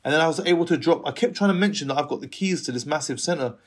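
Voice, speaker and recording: Husky man telling a lively story. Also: fairly high pitch, quick pace. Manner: acts out other people's voices, laughs often. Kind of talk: animated storytelling in casual conversation.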